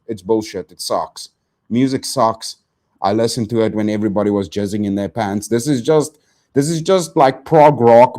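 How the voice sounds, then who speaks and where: A man's voice: mid-range voice, mellow. Young guy streamer ranting, swearing, bro every line, voice swinging up and down a lot. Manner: ranty, profane, keeps saying bro and dude. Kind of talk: ranting live stream chat.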